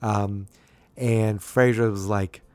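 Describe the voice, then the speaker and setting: A man casually recapping a sitcom episode, rambling with frequent ums and restarts, and jumping into a higher voice to act out the characters' lines. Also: steady tone, slow, a little mellow, clear, resonant tone, no room sound. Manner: acts out characters' quotes in a higher voice.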